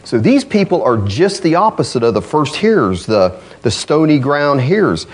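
A man preaching a sermon in a conversational way, acting out quoted voices and moving between loud emphasis and quiet, low asides. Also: very animated, normal speed. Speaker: pastor.

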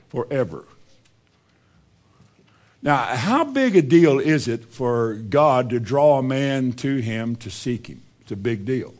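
A man preaching a sermon, asking his listeners questions and moving between loud, raised lines and quiet, hushed ones. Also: medium pitch, very animated, slow.

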